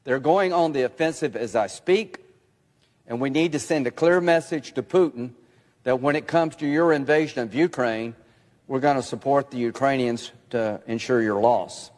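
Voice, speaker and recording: A man's voice: medium pitch, moderate pace, a little mellow, in a large hall. A man giving a political speech in an insistent tone, played back as a clip.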